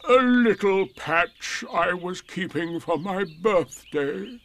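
Here is a mournful old donkey, put on by a male storyteller. He drags each word out slowly and sighs his way through every sentence. The voice sits higher than a plain man's reading voice, and it sounds set back in the room. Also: animated, fairly bright tone, heavily acted. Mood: gloomy. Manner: drawn-out, slow, sighing speech.

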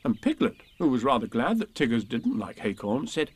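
A man reading a children's storybook aloud with slow, expressive narration. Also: medium pitch, husky, no room sound.

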